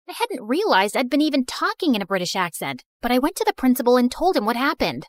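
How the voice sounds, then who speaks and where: A woman narrating an animated first-person story in an expressive, animated way. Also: high voice, fast talker, hardly any pauses, dry recording, clean studio sound.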